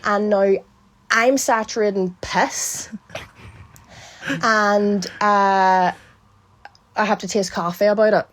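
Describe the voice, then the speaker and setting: A woman's voice: mid-range voice, fairly even intonation, takes it slowly, long pauses. A woman telling a rambling, swear-filled confession in a voice note, laughing as she goes. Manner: laughing, tumbling, swears freely. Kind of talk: casual storytelling. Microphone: phone voice note.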